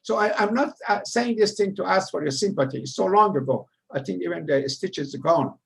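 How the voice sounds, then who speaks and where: Older Iranian man with a raspy, gravelly voice. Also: sits high, animated, fairly quick, fairly bright tone. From Iran. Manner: rambling, humorous, laughs at himself. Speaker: speaker telling his immigrant story. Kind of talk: casual storytelling talk.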